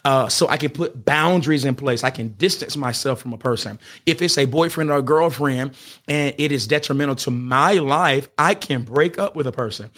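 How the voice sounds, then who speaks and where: A man hosts a relationship advice podcast, teaching in an emphatic, preacher-like way and driving points home with "get this" and "hear me." He often restarts sentences and stumbles over words. His mid-range voice is fairly bright, at normal speed.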